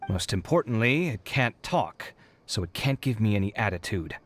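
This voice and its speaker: A man with a lowish, animated voice speaks at a normal pace with no room sound, voicing a weary, put-upon young male architect in a video game who sighs and complains in exasperation. It's game dub voice acting, with faint game music in the background.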